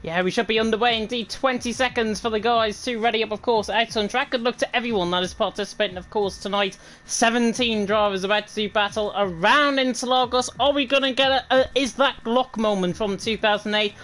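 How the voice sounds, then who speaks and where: A woman's voice: a little high, fairly quick, few pauses, fairly bright tone, low-quality recording. A woman with a Northern English accent giving chatty, self-deprecating live commentary on a racing league. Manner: chatty, self-deprecating, fluent reading of standings. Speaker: race commentator.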